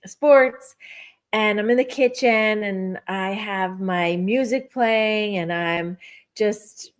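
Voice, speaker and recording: A middle-aged woman telling a personal story in casual spiritual chat, animated and acting out her own thoughts. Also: medium pitch, takes it slowly, smooth. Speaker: podcast co-host.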